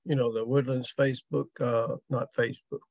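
A man hosting a community talk series, speaking casually and haltingly with many fillers. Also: mid-range voice, level tone, darkish tone, dry recording. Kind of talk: casual chat.

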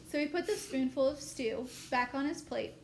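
High-voiced woman reading a story aloud. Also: moderate pace. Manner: steady, expressive storytelling. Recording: echoey room, faint noise.

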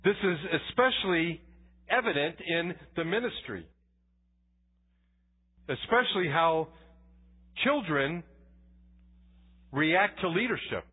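A man's voice: a little high, big pitch swings, slow, long pauses, breathy edge. A man pastor giving a conversational sermon with personal stories, often restarting his words. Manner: conversational preaching with anecdotes and frequent restarts. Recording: tinny phone-like church recording.

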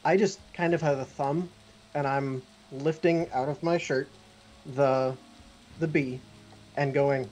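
Halting man player describing his moves. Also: medium pitch, fairly even intonation, darkish tone, a little hiss or hum. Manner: halting, repeats words. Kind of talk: tabletop game play, describing actions.

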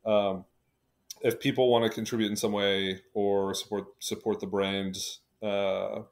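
A man hosting a podcast, closing the episode in a relaxed way and plugging his links. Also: lowish voice, unhurried. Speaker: podcast host. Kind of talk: casual podcast sign-off.

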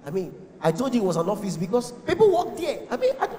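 Nigerian man, young adult, stand-up comedian, lively storytelling, high voice, echoey hall. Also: fast talker. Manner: animated storytelling mixing pidgin, acting out voices. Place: large comedy venue with live audience.

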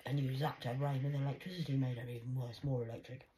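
A woman's voice: very deep voice, flat delivery, fast talker, mellow, slight background noise, low-quality recording. A woman telling family stories in a rambling, casual monologue, often dropping to a whisper and swearing freely. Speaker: vlogger.

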